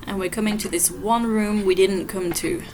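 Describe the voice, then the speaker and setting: A woman giving relaxed, explanatory commentary while playing through a game level. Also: medium pitch, normal speed, slight background noise. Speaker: gameplay walkthrough host. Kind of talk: casual gameplay commentary.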